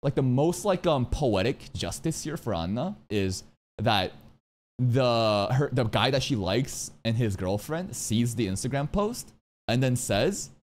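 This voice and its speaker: A man streaming a casual anime reaction, animated and swearing freely, dropping into low asides between excited outbursts. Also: unhurried, slight background noise.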